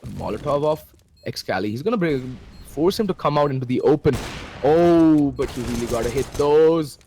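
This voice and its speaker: A man with an Indian English accent casting a shooter match live, excitable, his pitch leaping at big plays. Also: a little fast, slight background noise. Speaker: esports caster. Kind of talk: play-by-play commentary.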